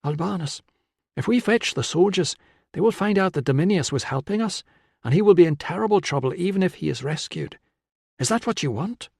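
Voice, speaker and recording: A man's voice: sits high, animated, a little fast, gravelly, a little mellow, breathy edge, no echo, clean studio sound, pitched above the performer's own voice, heavily acted. A man voicing a determined young wife in ancient Rome who speaks in an urgent, commanding way. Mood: insistent. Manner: insistent and commanding.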